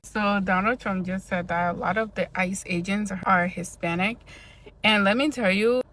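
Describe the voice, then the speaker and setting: A woman's voice: medium pitch, fairly even intonation, normal speed, fairly bright tone. A woman from Liberia delivering a heated, profane casual rant full of rhetorical questions. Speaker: social media commentator.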